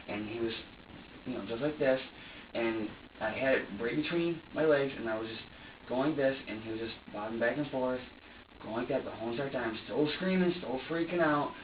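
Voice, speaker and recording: A man's voice: medium pitch, a little fast, a little hiss or hum. A young man being questioned by police, recounting events in an agitated, profane way and quoting his own thoughts aloud. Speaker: suspect in a police interview. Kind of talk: recounting events under interrogation. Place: police interview room. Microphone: room camera from afar. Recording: distant, echoey, dull interview-room recording.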